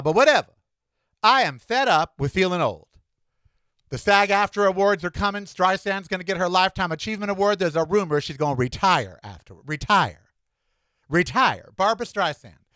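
A middle-aged man from the United States rants on his own podcast in a bright, high, lively voice, full of sass and camp. He calls his listeners honey and child. The sound is dry and close. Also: no echo. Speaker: podcast host. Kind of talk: opinionated solo podcast rant.

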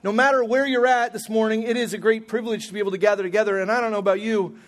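A man's voice: sits high, steady tone, rapid-fire. A man in his forties preaching a sermon as pastor, in a conversational, humorous way with frequent restarts. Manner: conversational, humorous, self-correcting.

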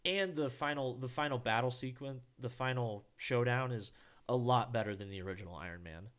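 A man co-hosts a podcast in casual conversation, rambling, restarting sentences, and swearing now and then. His voice is mid-range and fairly bright, and he talks a little fast.

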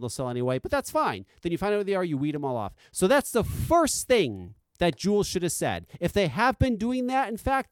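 A man's voice: a little high, no echo. A man hosting a vape channel, delivering a heated, profane commentary rant. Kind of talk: ranting commentary.

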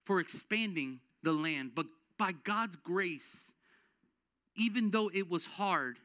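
A man's voice: on the high side, clean tone. A man preaching a sermon as pastor, casual and conversational, building to emphatic exhortation. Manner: energetic, rises to emphatic exhortation.

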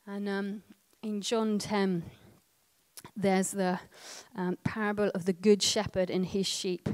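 A woman in her thirties giving a conversational teaching talk as a prayer ministry trainer, chatty, with quick asides and tag questions. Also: mid-range voice, little pitch movement, darkish tone.

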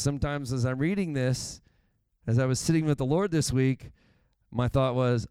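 A man delivers a sermon in a chatty, lively way, dropping asides to the congregation. His voice sits a little high and sounds smooth and resonant. The recording is dry and close. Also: moderate pace, dry recording. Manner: conversational and animated, with asides. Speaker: pastor.

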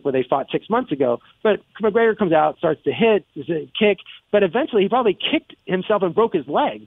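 A man giving casual sports commentary on a radio show, rambling and excited, with many restarts. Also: a little high, no echo. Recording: tinny phone-line sound, dry.

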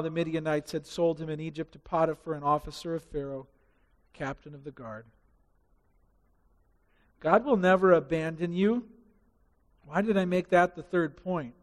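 A man preaching a sermon with passion, building to loud rising emphasis and dropping to hushed asides. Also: a little high, in a large hall. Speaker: pastor.

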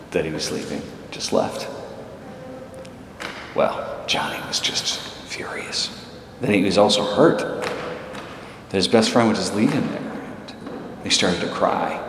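A man preaching, telling a story in a relaxed way with some fillers. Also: low voice. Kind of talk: storytelling sermon. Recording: echoey hall with background noise.

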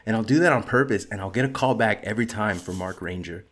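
A man's voice: lowish voice, quick pace, a bit bright. Easygoing man swearing and joking through casual talk. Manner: profane, joking, laid-back. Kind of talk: casual podcast chat.

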